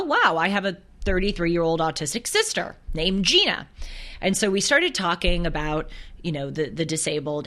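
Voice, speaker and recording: Her voice sits on the low side with a touch of brightness as she hosts an informal conversation about faith. She shares stories with sincerity, occasionally restarting a phrase. She's recorded on a camera placed near her.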